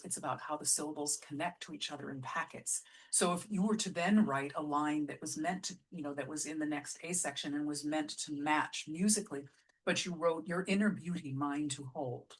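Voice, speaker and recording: The artistic director of a musical theatre company explains lyric writing in a casual teaching vlog. She's patient, often restarts her phrases, and sounds out example lines slowly. Her voice sits low with a breathy edge.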